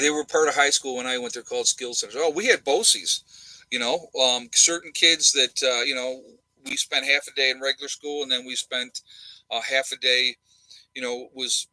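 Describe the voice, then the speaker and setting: A man's voice: medium pitch, bright, forceful tone, dry recording, poor audio. A middle-aged man from the United States co-hosting a livestream, talking bluntly and repeating his points for emphasis. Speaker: livestream co-host. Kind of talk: casual opinionated livestream chat.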